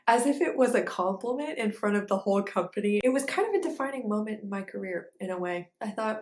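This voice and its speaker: A young woman dancer telling a story in a casual, animated way, with lots of fillers. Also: mid-range voice, brisk, few pauses. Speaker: ballet dancer and vlogger. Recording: echoey room.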